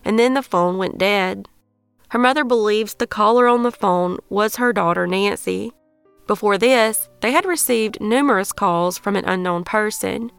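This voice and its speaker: A woman with a Southern US accent narrates a true crime case in a measured, scripted read. Her voice is smooth and resonant, and soft music plays faintly underneath. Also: medium pitch, no echo. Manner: measured, even reading. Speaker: true crime podcast host.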